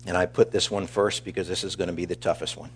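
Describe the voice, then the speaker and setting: Middle-aged male pastor, low voice, earnest eulogy delivery. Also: steady tone, slight background noise. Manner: earnest, measured, warmly storytelling. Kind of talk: funeral eulogy.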